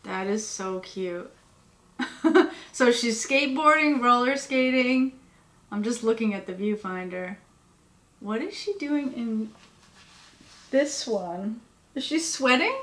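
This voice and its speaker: A woman's voice: fairly high pitch, expressive, slow, pauses often, fairly bright tone. A tired woman rambling and gushing as she unboxes cute merchandise at her home workspace. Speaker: vlogger. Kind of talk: casual unboxing chat. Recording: echoey room with faint ambience.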